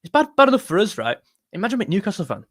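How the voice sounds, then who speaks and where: A young man hosting a casual fan live stream, excitable and jumpy, talking straight to his chat. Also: sits high, rapid-fire, no room sound, studio quality. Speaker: football fan channel host.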